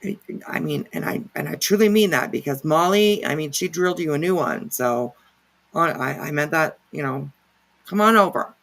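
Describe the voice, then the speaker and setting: Gravelly-voiced woman streamer, rambling. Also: low-pitched, normal speed. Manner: rambling, sarcastic, swears, many fillers. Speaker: livestream commentary host. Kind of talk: casual reaction commentary.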